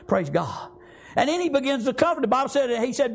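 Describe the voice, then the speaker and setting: A man's voice: very high voice, animated, rapid-fire, vocal fry. A man preaching a sermon, fervent and full of repeated amens and praise Gods. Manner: fervent, repeats amen and praise God often.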